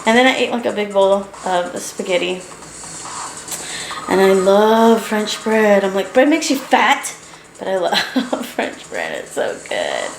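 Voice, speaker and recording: Tired young woman vlogging late at night, rambling and yawning, gravelly voice, echoey living room. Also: medium pitch, very animated, unhurried, a little hiss or hum. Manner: rambling, chatty, laughs often. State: sleepy, yawning. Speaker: doll-collecting vlogger. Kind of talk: casual late-night chat to camera. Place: living room at home, indoors.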